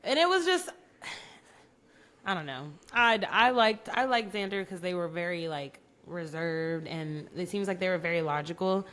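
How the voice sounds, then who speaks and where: A woman's voice: on the low side, animated, unhurried, fairly bright tone. A young woman co-hosting a podcast, chatting frankly and giving her opinions. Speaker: podcast co-host. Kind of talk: casual chat.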